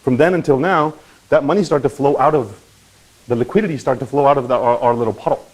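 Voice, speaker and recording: A man hosting a crypto channel, talking in a casual, animated explainer style and often checking in with "right?" and "okay?". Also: mid-range voice, fast talker, poor audio. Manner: animated, swings into loud mock voices and profanity; conversational with frequent "right?" and "okay?".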